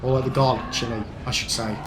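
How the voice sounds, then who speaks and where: A man's voice: medium pitch, flat delivery, fast talker, very noisy. A young man with a Black Country accent, casually chatting with his live-stream audience while playing a video game. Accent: Black Country English. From England. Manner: chatty, rambling, answers chat between game deaths. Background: game music.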